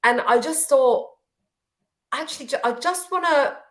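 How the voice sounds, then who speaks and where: A woman's voice: high voice, unhurried, a bit bright. A woman speaking as a podcast guest, tearful and hesitant, with many "um" and "you know" fillers. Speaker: guest, business owner. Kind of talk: casual conversation.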